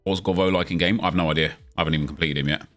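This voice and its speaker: A man's voice: sits low, fairly even intonation, racing, fairly bright tone, soft background music. A young man chatting casually on a live stream, answering viewer questions as he plays a football game.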